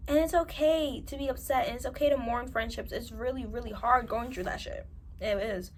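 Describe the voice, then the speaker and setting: A woman's voice: fairly high pitch, a little fast, a little hiss or hum. Emphatic New York woman giving advice. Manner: emphatic, candid, repeats points for stress. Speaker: advice vlogger. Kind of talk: candid direct-to-camera advice.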